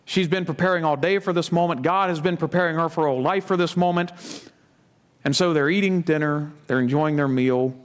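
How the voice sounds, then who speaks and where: High-voiced pastor retelling scripture. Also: male voice, fairly quick, clean tone. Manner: storytelling, dramatic retelling of scripture; conversational asides. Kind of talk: sermon.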